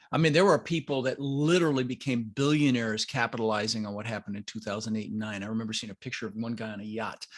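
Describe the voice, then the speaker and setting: A man's voice: mid-range voice, fairly bright tone. A middle-aged man as an interview guest, talking in an emphatic, motivational way. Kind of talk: casual interview talk.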